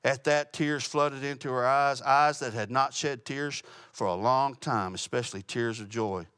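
A man's voice: mid-range voice, measured pace, a bit bright, clean tone, no echo, clean studio sound. A man teaching a Bible study, telling a story and closing in prayer, earnest and plain-spoken with small restarts. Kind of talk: sermon with storytelling.

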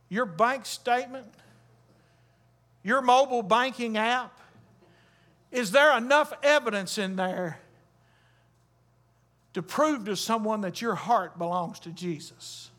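High-voiced preacher. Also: male voice, a bit bright. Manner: emphatic preaching with call-and-response. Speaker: Baptist pastor. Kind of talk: sermon.

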